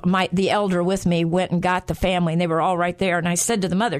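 A woman hosting a Christian radio talk show, telling personal stories earnestly and slowing down on key words. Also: fairly low pitch, level tone. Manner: earnest, slows down for emphasis.

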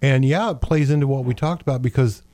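A man with a mellow, dark voice explaining scripture in a lively storytelling way, acting out the quotes as he goes. His voice sounds close and dry. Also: medium pitch, fast, no echo. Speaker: co-host. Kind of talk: Bible teaching conversation.

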